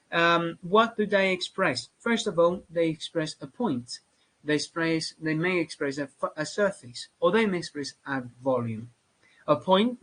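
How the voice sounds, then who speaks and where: A man's voice: a little high, fairly bright tone, poor audio. Hesitant man teaching English grammar. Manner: hesitant, many fillers and restarts. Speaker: English teacher for exam candidates. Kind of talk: spoken grammar lesson.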